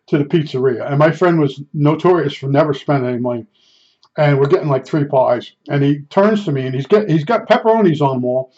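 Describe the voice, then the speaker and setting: A man's voice: fairly high pitch, darkish tone. Rambling man telling dating stories. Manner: rambling, chuckling, self-deprecating. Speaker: storyteller. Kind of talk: casual storytelling. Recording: dull lo-fi recording.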